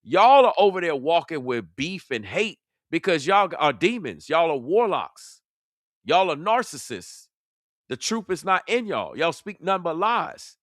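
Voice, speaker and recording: Heated man roasting his rivals, sharp edgy voice, slightly high, dry close mic. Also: big pitch swings, a little slow, no room sound. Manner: confrontational, preachy, mocking. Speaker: online commentator. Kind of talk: heated reaction commentary.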